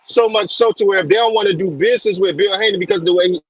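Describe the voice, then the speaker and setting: A man's voice: high-pitched, quick pace, no room sound, rough recording. A man calling in to a casual boxing chat, speaking emphatically and repeating his points. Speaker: guest on call.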